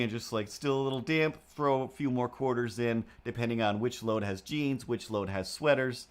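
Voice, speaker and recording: A man's voice: normal speed, hardly any pauses, smooth. Male streamer, mid-range voice, loose chatty storyteller, lots of "like" and restarts, odd hard-to-place accent. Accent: self-made, hard to place. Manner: rambling, with frequent restarts and fillers; animated, jumps into squeaky voices for the people he quotes. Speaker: livestream host. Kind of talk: casual storytelling while drawing.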